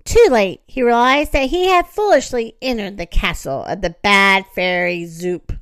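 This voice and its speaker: A woman reading a children's story aloud in an expressive, animated way. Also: medium pitch, unhurried, dry recording.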